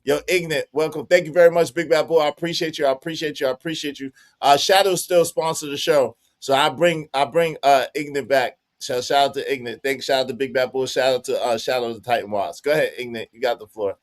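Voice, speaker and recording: A man's voice: mid-range voice, fairly even intonation, a little fast, few pauses. A man hosting a casual livestream, reacting to clips, laughing and thanking viewers by name. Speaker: livestream host.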